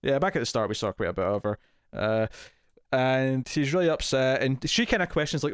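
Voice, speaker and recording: A man's voice: medium pitch, fairly quick, clean tone, no echo, clean studio sound. A man co-hosting a TV review podcast in casual chat, talking loosely with lots of fillers and easy laughs.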